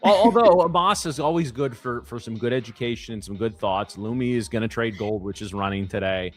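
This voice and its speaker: A man's voice: medium pitch, brisk, faint music behind. A man in his thirties co-hosting a live trading stream in casual chat, rambling with many fillers and restarts.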